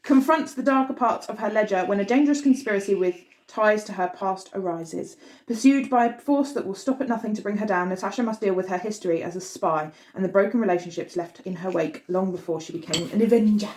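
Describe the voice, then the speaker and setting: A playful woman co-hosting a film review, reading out a synopsis and slipping into sing-song asides. Her voice has a mid pitch and carries a roomy echo. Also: fairly quick, darkish tone.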